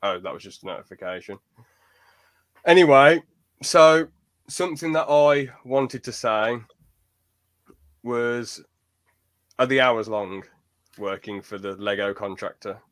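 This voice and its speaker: A man's voice: medium pitch, a little slow, pauses often, a bit bright. A young man hosting a podcast in casual chat, laughing often and joking crudely. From United Kingdom. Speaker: podcast host.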